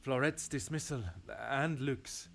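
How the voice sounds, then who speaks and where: An actor voicing a courteous detective with a French accent. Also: male voice, medium pitch, steady tone, slow pace, close to an everyday voice. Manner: courteous, formal, clipped. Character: a polite Belgian male detective. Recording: game audio with music behind.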